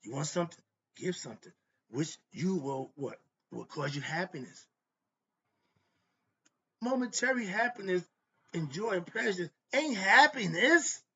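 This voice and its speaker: A man's voice: sits high, big pitch swings, unhurried, long pauses, pushed and bright, muffled recording, slight background noise. A man hosting a philosophy monologue, talking in casual slang and ranting fiercely as he preaches. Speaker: host.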